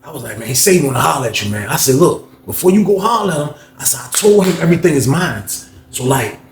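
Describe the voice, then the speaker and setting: A man's voice: fairly high pitch, quick pace, roomy sound, a little hiss or hum. A man telling a story in casual street slang, acting out the voices of the people in it. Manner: animated, acts out quoted voices, slangy street talk.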